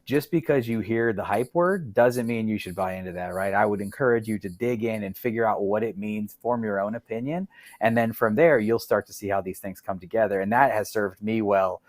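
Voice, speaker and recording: A middle-aged man, a guest in a casual interview, making animated, opinionated points and tagging them with "right?". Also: lowish voice, no echo.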